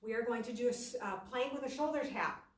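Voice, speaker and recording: Woman fitness instructor, high voice, echoey room, off-mic. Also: fast talker, distant mic. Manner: chatty, self-deprecating, talks while exercising. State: out of breath at times. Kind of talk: instructing a workout class.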